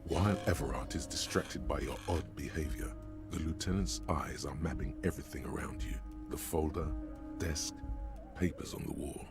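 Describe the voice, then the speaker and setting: This is a grave inner voice of the mind in a video game, narrating and taunting in close, intimate tones. The voice is extremely deep. Clear game music runs underneath. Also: male voice, steady tone, moderate pace. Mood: urging.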